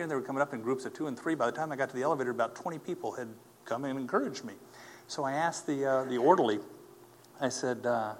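A man telling a personal faith testimony as a story, earnest and animated, acting out the people he quotes. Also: medium pitch, fast talker, a little hiss or hum. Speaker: speaker giving a personal testimony.

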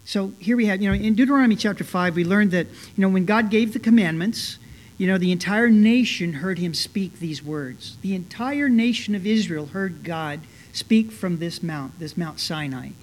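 Earnest pastor, halting conversational sermon. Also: male voice, high voice. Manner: conversational, many "you know" fillers and restarts; earnest, rising with emphasis. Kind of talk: expository sermon.

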